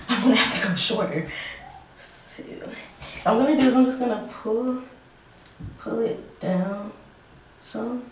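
A young woman talks to camera in a casual vlog, nervous and excitable, her voice high and very lively. She sits a little way off from the camera mic in a strongly echoing room at home. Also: a little hiss or hum. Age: young adult. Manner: nervous, excitable, exclaiming and laughing. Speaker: vlogger. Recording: echoey room, some distance from mic.

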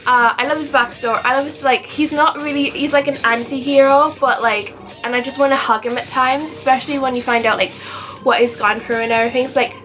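A woman's voice: sits high, fairly even intonation, fairly quick, fairly bright tone, faint music behind. A young woman vlogger chatting casually and gushing animatedly, with gasps and mock outrage. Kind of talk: casual chatty countdown vlog.

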